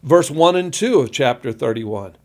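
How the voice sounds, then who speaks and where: A man's voice: mid-range voice, lively intonation, moderate pace, a little mellow. A man pastor hosting a Bible study podcast, talking emphatically and reading scripture aloud with feeling.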